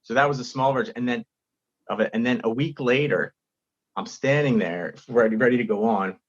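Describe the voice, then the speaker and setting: A man with a slightly husky, breathy voice tells an animated story, slipping into quick impressions of the people in it. The sound is a bit dull and lo-fi, as if recorded on a modest setup. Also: medium pitch. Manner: animated storytelling, acts out quotes. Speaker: stand-up comedian, guest. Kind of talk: casual podcast chat.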